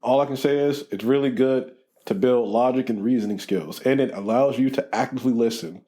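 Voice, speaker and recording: A man's voice: mid-range voice, fairly quick, warm tone. A man, a police officer co-hosting a podcast, talking in a laid-back way and mostly chiming in with short agreement. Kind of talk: casual podcast chat.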